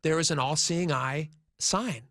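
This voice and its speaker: A man's voice: a little high, unhurried, a bit bright. A man in his forties hosting talk radio, telling a long anecdote casually with plenty of fillers. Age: 40s. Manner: rambling anecdotal storyteller, many fillers. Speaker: radio host. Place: radio studio.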